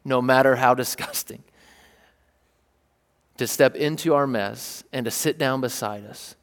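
A man's voice: medium pitch, unhurried. A male pastor in his thirties talks to a gathered crowd in an easygoing, storytelling way, mixing in wry jokes about himself. His voice sits in the middle range. A long reverb trails off his words, as if he is in a large hall. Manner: casual, storytelling with self-deprecating humor. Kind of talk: sermon.

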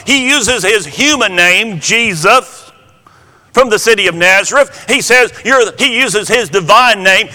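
A man preaching a Bible-teaching sermon, slow and emphatic, often repeating his words for emphasis. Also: high-pitched, animated, pushed and bright, in a large hall.

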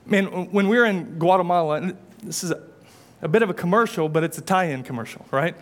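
A male pastor with a notably high voice delivers a sermon in church. He talks in a relaxed, conversational way and slips casual asides into his storytelling. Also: brisk.

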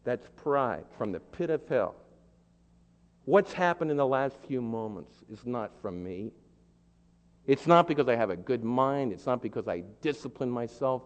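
A man from the East Coast of the United States preaching a sermon as pastor, using repeated rhetorical lists and questions and building to loud, emphatic peaks. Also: medium pitch, expressive, normal speed. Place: large church sanctuary. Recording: dull lo-fi sound in a reverberant hall.

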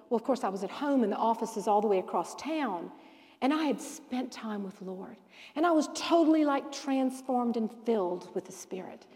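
High-voiced woman teaching in a reverberant hall. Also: normal speed. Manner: animated storyteller who acts out quoted dialogue. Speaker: Bible study teacher. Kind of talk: lively preaching-style Bible lesson.

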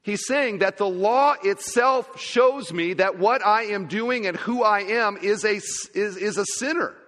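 A man preaching a sermon as pastor, emphatic and swinging between loud and quiet. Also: high voice, a little slow, big-room sound.

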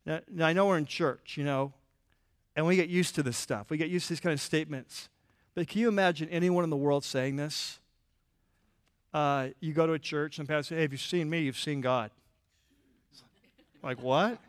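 A man preaching a sermon in a church, conversational and animated, with frequent restarts and filler words. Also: fairly high pitch, brisk, clean tone, no echo, studio quality. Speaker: pastor.

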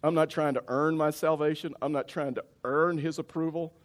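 A middle-aged man, a pastor preaching a sermon as a lively storyteller who acts out his own reactions. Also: on the high side, normal speed. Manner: animated storyteller, acts out his own outbursts, many restarts.

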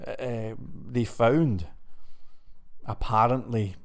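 A man's voice: medium pitch, steady tone, drawn-out words. Male vlogger, conversational, winded and rambly, middle-range voice. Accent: non-American English. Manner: chatty and rambling, addresses viewers directly. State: out of breath from pacing. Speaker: web development vlogger. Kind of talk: casual to-camera vlog. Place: indoor room.

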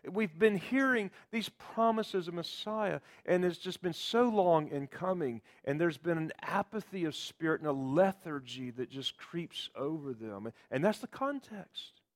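A man's voice: a little high, expressive, unhurried, few pauses. Man preaching an expository sermon. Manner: expository preaching with emphatic quoted scripture. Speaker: pastor.

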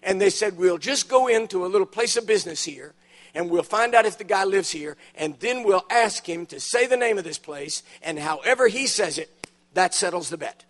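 A high-pitched man delivering a sermon in a church. He tells funny stories with timed punchlines and leans hard on the key words. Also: expressive, normal speed. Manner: storytelling with dramatic punchlines, emphatic rises. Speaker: preacher. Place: church auditorium.

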